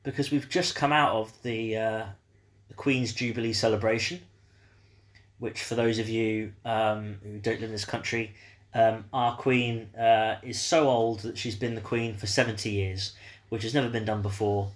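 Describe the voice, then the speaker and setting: A man's voice: lowish voice, steady tone, normal speed. A man hosting a beer podcast, chatting casually with lots of ums and uhs. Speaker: podcast host. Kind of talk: casual chat.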